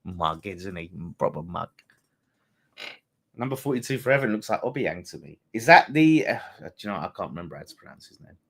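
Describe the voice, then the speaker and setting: Deep-voiced and brisk, a fan channel host talks his audience through a football match in a live watchalong. He's excitable, swears without restraint, and keeps up the banter with each passage of play.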